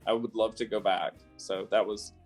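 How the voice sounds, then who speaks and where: A man's voice: fairly low pitch, fairly even intonation, moderate pace, darkish tone, soft background music. A man from South Carolina, a guest in a casual interview, talking chattily with lots of fillers and laughs. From South Carolina, USA.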